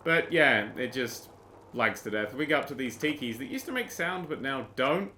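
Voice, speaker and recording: Brit guy ranting at a game, swears a lot, bright voice, pitch jumps all over. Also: lively intonation, normal speed, a little hiss or hum. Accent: British. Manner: sarcastic, exasperated, ranting. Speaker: gaming YouTuber.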